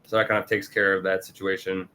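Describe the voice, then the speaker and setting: Man, low voice, chatty review, laughs a lot, faint background hiss. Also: flat delivery, fast, sharp tone. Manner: laughs often, acts out character quotes with raised pitch. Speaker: podcast co-host. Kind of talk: casual review chat.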